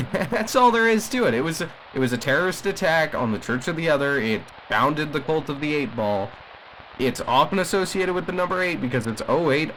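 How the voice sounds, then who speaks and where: A man's voice: a little high, a bit bright, slight background noise, low-quality recording. A man voicing an agitated caller on a radio broadcast in an audio drama, speaking emphatically and rambling with frequent restarts. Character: agitated male radio caller defending a cursed family.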